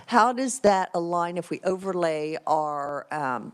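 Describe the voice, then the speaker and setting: A woman's voice: on the low side, expressive, measured pace. A woman legislator questioning a presenter in committee, inquisitive and thinking aloud. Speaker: legislator, vice chair.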